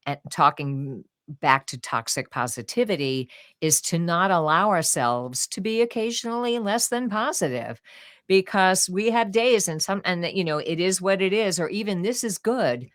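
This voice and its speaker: An older woman with a low, deep-set voice talks as a podcast guest. She tells her stories expressively and acts out what people said. The sound is close and dry, with no room around it. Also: no echo. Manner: expressive, animated storytelling with acted-out quotes. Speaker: guest author and audiobook narrator. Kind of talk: conversational podcast interview.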